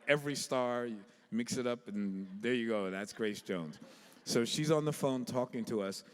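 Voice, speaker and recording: Animated man in his sixties, echoing hall. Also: medium pitch. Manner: animated, laughing storyteller, many restarts. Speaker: panelist. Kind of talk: live storytelling to an audience. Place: large auditorium stage. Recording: reverberant hall, live stage mic.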